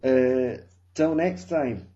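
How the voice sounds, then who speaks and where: A man's voice: mid-range voice, drawn-out words, mellow. A young Scottish man co-hosting a podcast in casual chat, rambling and self-mocking, with plenty of swearing. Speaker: podcast co-host. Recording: dull lo-fi sound.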